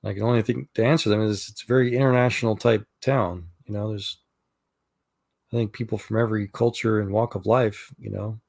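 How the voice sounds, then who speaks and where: A man's voice: lowish voice, steady tone, fairly quick, gravelly, a little mellow. A middle-aged man from Texas telling rambling stories in a casual chat, with many fillers and restarts. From Texas, USA. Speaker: chat room participant.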